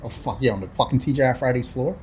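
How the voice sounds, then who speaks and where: A man's voice: medium pitch, fast talker, a little mellow, slight background noise. A young adult man co-hosting a podcast, talking in a casual, crude, joking way and swearing a lot. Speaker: podcast co-host. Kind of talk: casual chat.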